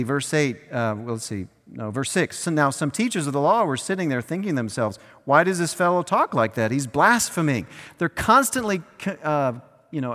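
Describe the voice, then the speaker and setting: A man's voice: medium pitch, a bit bright. A man preaching a sermon in a conversational way, sometimes acting out little scenes, recorded in a church. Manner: conversational preaching with acted asides. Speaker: pastor. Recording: long hall reverb.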